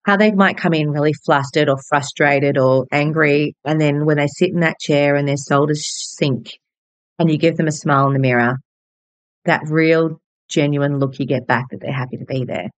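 A woman's voice: low-pitched, fairly even intonation, moderate pace, no room sound. An Australian woman in her forties, a hairdresser hosting her own podcast, telling personal stories in a bubbly, candid way with casual swearing. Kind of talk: personal storytelling monologue.

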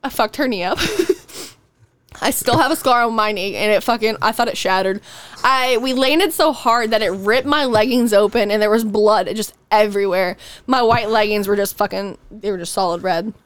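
A woman's voice: mid-range voice, normal speed, dry recording. A young woman, a podcast host telling a long, profane story in casual chat and acting out the people in it. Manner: profane, animated storytelling with acted quotes.

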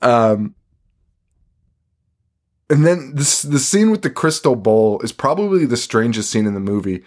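A man's voice: medium pitch, a little mellow. A man hosting a podcast, recapping a movie in casual chat, swearing a lot, laughing often and rambling. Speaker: podcast host.

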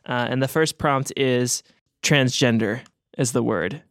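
A man's voice: medium pitch, unhurried, a bit bright, no echo, studio quality. Matter-of-fact man hosting a podcast. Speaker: podcast host. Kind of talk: casual chat.

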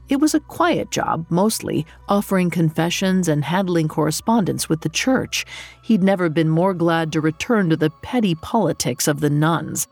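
Female storyteller, measured and dramatic; low, husky, with faint music under. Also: darkish tone. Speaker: podcast narrator. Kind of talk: scripted storytelling narration.

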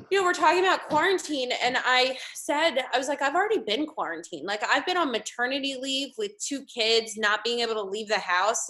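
Bright-voiced woman telling her story. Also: a little high. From New Jersey, USA. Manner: open and heartfelt, peppered with "you know". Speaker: guest in recovery, mother. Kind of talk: candid personal storytelling.

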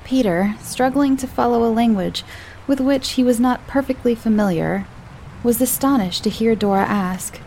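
A woman narrating a short story in a measured, even storybook reading. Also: a little high, slight background noise, rough recording.

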